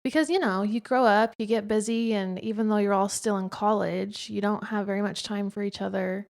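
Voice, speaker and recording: Young adult woman, podcast host, casual and expressive, middle pitch. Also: fairly quick, creaky. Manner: chatty and expressive, frequent filler "like". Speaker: podcast host, interviewed by her husband. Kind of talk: casual conversational chat.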